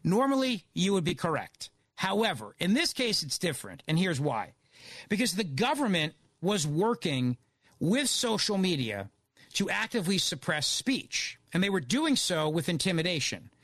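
A man hosting talk radio, riffing in a sarcastic, digressive monologue. His voice sits high and swings all over the place. The studio sound is dry and close. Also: sing-song, moderate pace, fairly bright tone, no echo. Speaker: guest radio host.

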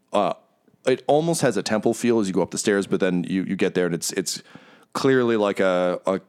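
A man narrating as game master of a tabletop game, pausing often with ums and uhs. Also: deep voice, smooth. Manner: hesitant, many fillers.

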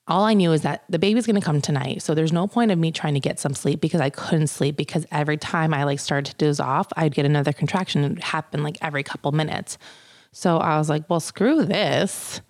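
A woman's voice: sits low, vocal fry, a little mellow. A young woman, pregnant, telling a casual storytime in a chatty way, full of "like" and acted-out quotes. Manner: chatty, many "like" fillers, acts out quotes. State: pregnant, in labor pains. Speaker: vlogger.

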